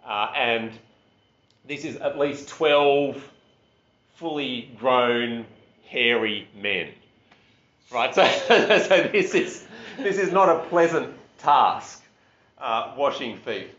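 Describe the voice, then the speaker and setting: Male preacher, casual lively delivery, dull roomy recording. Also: mid-range voice, takes it slowly, slight background noise. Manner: conversational, animated, with self-deprecating asides. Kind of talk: sermon.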